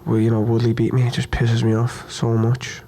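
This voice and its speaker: A man's voice: medium pitch, completely flat delivery, warm tone, slight background noise. A young man, answering questions at a post-fight press conference, upset and hurt after a loss, blunt, stumbling over his words and swearing. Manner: blunt, repetitive, swearing, halting restarts.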